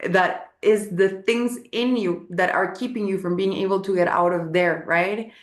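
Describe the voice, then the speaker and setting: A young adult woman teaching, telling stories with animation and acting out the voices she quotes. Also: medium pitch. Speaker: spiritual teacher. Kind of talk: casual teaching talk. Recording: echoey room.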